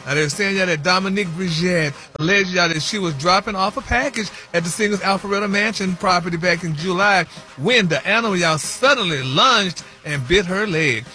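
A man's voice: high voice, a little fast, sharp tone, faint music behind. A man reading celebrity news on a radio morning show in a flamboyant, sing-song way, full of "y'all" and "honey".

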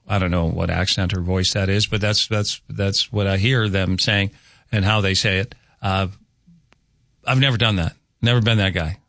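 A man's voice: deep voice, fairly even intonation, moderate pace, a bit bright, dry recording. A man hosting a morning radio show, chatting casually, joking and reading listener texts aloud at a studio microphone.

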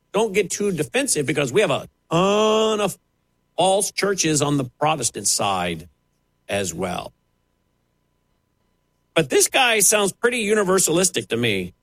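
A male commentator delivers sarcastic, pointed critique, his pitch climbing and swooping with every jab. His voice sits a little high and the sound is close and dry, with soft music faintly underneath. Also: no room sound, poor audio. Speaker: radio commentator. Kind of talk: opinion commentary.

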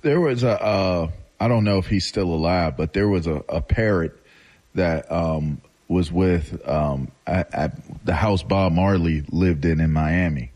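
A man's voice: low voice, unhurried. A man co-hosting a radio show, joking in casual banter and laughing often. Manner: laughing, animated, jokey. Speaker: co-host.

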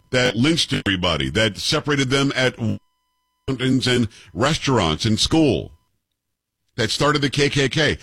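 Fifties male host, combative and sarcastic, husky lively delivery, dry studio sound. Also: mid-range voice, dry recording. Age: 50s. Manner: combative, sarcastic, rhetorical questions. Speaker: commentary show host. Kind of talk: opinionated commentary on clips.

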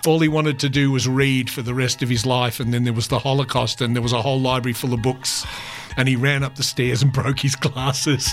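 A man's voice: medium pitch, steady tone, fairly quick, faint music behind. A man hosting a radio show, chatting casually and playfully slipping into silly voices and tongue twisters. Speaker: radio host.

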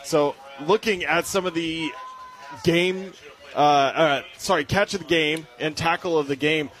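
A man's voice: a little high, a little slow, fairly bright tone. A young man giving upbeat post-game sports commentary, joking and correcting his own slips as he goes. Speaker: play-by-play commentator.

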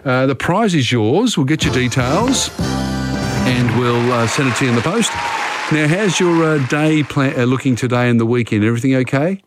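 A man's voice: mid-range voice, animated, normal speed, over loud music, a loud crowd. A man hosting a radio quiz, chatty and easygoing, reading out questions and talking around them. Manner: chatty, reads questions then talks them through. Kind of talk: casual radio quiz chat.

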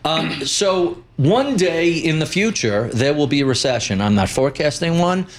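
A man's voice: a little high, expressive, moderate pace. Blunt man talking markets. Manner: blunt, opinionated. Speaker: guest market commentator. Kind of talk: unscripted interview talk.

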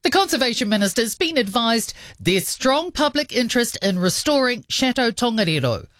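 Lively New woman reading radio news. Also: on the high side, normal speed, no room sound, studio quality. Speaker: newsreader.

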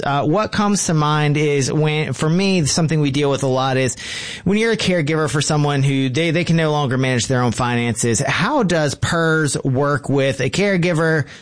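A man hosting a personal finance call-in radio show, asking questions in a folksy, chatty way. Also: a little high.

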